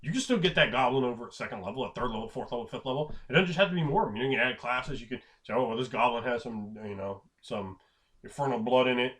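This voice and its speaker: A man's voice: medium pitch, rapid-fire. Rambling, tired man talking tabletop games. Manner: rambling, animated, swears, acts out characters. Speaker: game master giving advice. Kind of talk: casual tabletop gaming talk.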